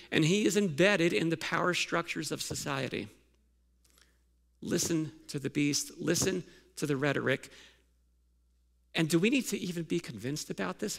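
Gravelly high-voiced pastor preaching. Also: male voice, fairly bright tone. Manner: conversational, asks many questions with fillers and restarts. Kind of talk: sermon.

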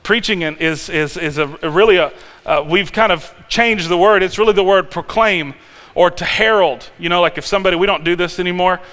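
A male pastor preaching a sermon in a conversational, animated way, with restarts and sudden loud peaks. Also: high-pitched, brisk. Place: church sanctuary. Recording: long hall reverb.

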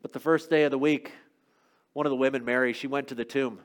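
A man preaching a sermon as a first-person dramatic monologue, telling the story and swinging from loud to hushed. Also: medium pitch, steady tone, fast.

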